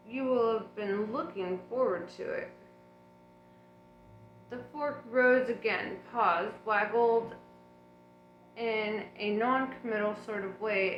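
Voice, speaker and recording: A woman reading an audiobook aloud in an unhurried, relaxed way, with chatty asides. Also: a little high, reverberant, highs cut off. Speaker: audiobook reader.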